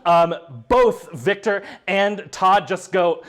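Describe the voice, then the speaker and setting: A man narrating a tabletop game as game master, animated, with many fillers and laughs. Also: high voice, slow, very noisy.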